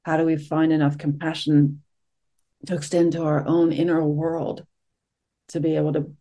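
Mellow, gentle middle-aged meditation teacher. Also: medium pitch, flat delivery. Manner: soft-spoken, gentle, searching, with many pauses and fillers. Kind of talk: reflective dharma talk after a sit.

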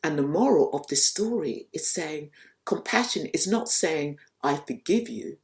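A soft-spoken woman gives a reflective spiritual talk, telling a teaching story and repeating phrases for emphasis. Her voice sits fairly low and unfolds very slowly. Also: animated.

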